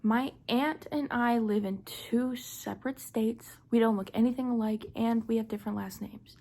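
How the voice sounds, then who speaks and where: Gravelly, husky young woman telling a story. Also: on the high side, fairly even intonation, normal speed, dark tone. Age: young adult. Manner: chatty, frequent "like" fillers, often half-whispered. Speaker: vlogger. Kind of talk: casual storytime.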